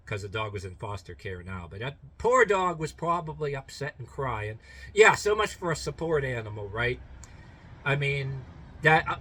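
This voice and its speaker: Bright-voiced man on a profane rant. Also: medium pitch. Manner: indignant, profane, rambling with restarts. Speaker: YouTuber. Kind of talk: ranting commentary vlog.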